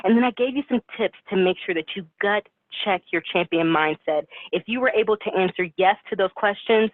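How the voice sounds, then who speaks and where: A woman's voice: mid-range voice, a little fast, no room sound. A woman giving an emphatic, rousing motivational talk to her team on a conference call. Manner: rousing, emphatic, repetitive exhortation. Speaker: motivational speaker. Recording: tinny phone line.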